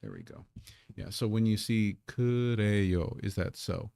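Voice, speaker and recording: Deep gravelly man teaching. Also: big pitch swings, dark tone, dry recording. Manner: patient explaining, sounds out syllables slowly. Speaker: Korean language teacher. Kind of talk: live online lesson.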